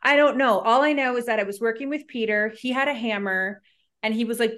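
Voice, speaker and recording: A woman reality show contestant answering interview questions, telling stories animatedly and acting out quoted lines. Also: mid-range voice. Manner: animated, quick-paced storytelling with quoted dialogue.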